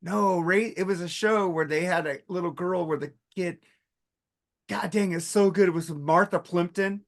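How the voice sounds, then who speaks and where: With a high voice at a moderate pace, a man co-hosting a podcast chats casually through comedy sketches, swearing a lot. He tells them animatedly, acting out the sketch characters' voices.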